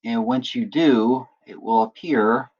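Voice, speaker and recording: A man acting as instructor, patiently walking through a software tutorial and often checking in with listeners. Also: medium pitch, slow pace, muffled recording. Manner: patient step-by-step explaining, often checks in with "right?". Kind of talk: screen-recorded software tutorial.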